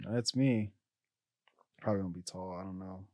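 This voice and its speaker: A man's voice: sits low, normal speed, no echo. Laid-back young man musing aloud. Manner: loose and reflective, heavy on fillers, laughs often, trails off quietly. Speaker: podcast co-host. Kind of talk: casual chat.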